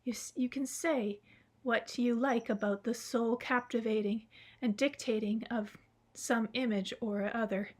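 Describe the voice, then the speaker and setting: An inquisitive grown man, skeptical and eager, pressing with questions, read by a woman. The voice is on the higher side. It is an audiobook reading. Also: fairly even intonation, unhurried. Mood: curious.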